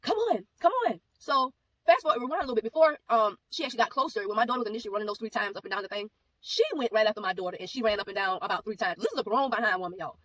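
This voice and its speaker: Woman talking real fast telling her testimony, kinda far from the mic, bit of noise behind. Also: medium pitch. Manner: rapid and animated, acts out quoted exchanges. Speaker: ministry speaker giving a testimony. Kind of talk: personal testimony storytelling.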